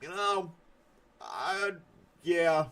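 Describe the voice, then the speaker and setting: A man's voice: fairly high pitch, extremely slow, pushed and bright. A man hosting a casual live stream, chatting loosely and reading viewer comments as he rambles. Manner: rambling, chatty, laughs at his own stories.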